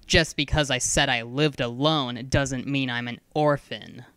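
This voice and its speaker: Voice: mid-range voice, unhurried, a bit bright, smooth, dry recording, lightly acted. Sarala, a narrator's prickly runaway teen girl. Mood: defiant. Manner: grumbling, defiant. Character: prickly teenage runaway girl, defiant and cross.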